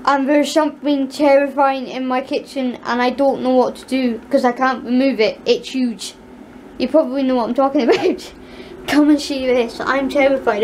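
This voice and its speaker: A young woman with a high voice talks casually in a home vlog. She coos at her pet, giggles often, and slips into frightened asides. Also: noisy background. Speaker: vlogger.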